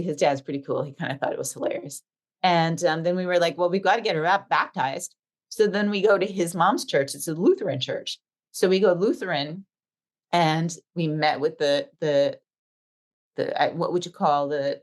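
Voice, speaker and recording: A middle-aged woman with a somewhat low-pitched voice tells a long personal story in relaxed podcast chat. She slips into the voices of the people she quotes and gives her retelling plenty of animation. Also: normal speed. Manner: animated storyteller acting out dialogue. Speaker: podcast co-host. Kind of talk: casual chat.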